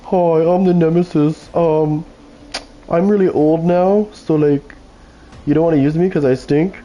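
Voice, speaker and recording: A man's voice: fairly high pitch, fairly even intonation, measured pace, mellow, lo-fi sound, pitched above the performer's own voice, close to an everyday voice. A man voicing a washed-up old male monster from a game, whining in a mocking tone. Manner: mocking, whiny self-pity.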